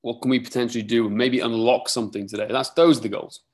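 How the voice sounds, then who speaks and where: A man's voice: mid-range voice, steady tone, fast talker, darkish tone. Upbeat Welsh-tinged British man. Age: 30s. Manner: upbeat, chatty, reading out viewer comments. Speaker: webinar host. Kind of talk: live webinar chat.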